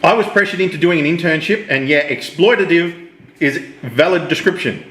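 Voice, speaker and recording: A man's voice: fairly high pitch, brisk, fairly bright tone. A man co-hosting a casual chat show, joking and teasing the host. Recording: echoey room.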